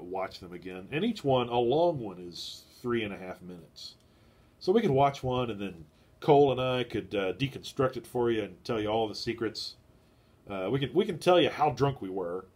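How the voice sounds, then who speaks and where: Rambling stuffy-nosed man streaming from his garage. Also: on the low side. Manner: meandering, heavy on "uh" fillers, chats with viewers. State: stuffy nose. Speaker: live stream host. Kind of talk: rambling casual live-stream chat. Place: garage shed.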